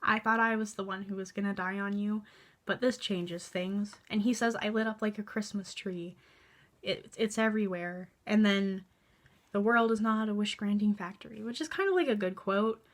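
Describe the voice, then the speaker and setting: A woman's voice: mid-range voice, normal speed. A young woman in her early twenties giving a chatty, sarcastic book review, exasperated and full of filler words. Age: young adult. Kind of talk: casual vlog review.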